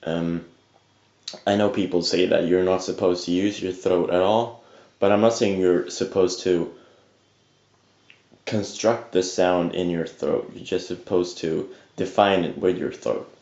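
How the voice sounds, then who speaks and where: A young man who claims he just woke up rambles through a casual harsh-singing tutorial, full of fillers, restarts and some swearing. His voice is low and a little mellow, with a steady, unhurried tone. The vocal tutor's audio is echoey, lo-fi home webcam sound.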